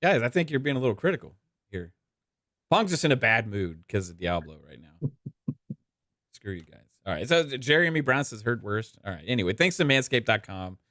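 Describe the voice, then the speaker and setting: A man's voice: medium pitch, very animated, moderate pace, bright, forceful tone, no room sound, studio quality. A man from Texas hosting a gaming podcast in a laid-back, casual way, with many fillers. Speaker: podcast host. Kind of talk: casual chat.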